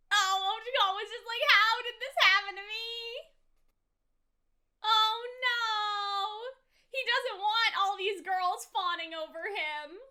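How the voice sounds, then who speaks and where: A woman hosting an anime reaction channel, opening with a plain intro and then breaking into loud, gasping exclamations. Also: very high voice. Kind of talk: excited anime reaction commentary.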